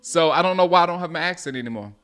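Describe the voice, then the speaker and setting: A man from South Carolina hosts a live game watch-along, calling out plays and answering viewers by name. His voice is bright and forceful, pitched a little high, and he gets excitable when a play breaks. Faint music plays underneath. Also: racing. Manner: excitable, reacts loudly to plays. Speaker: host.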